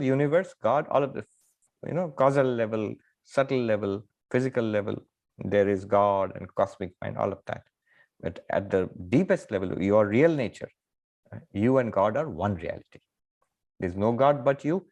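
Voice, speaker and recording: Emphatic middle-aged monk giving a lecture. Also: male voice, lively intonation. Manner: emphatic, wide swings in pitch and loudness; thoughtful, pausing with fillers. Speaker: monk teaching scripture. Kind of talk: spiritual lecture with storytelling.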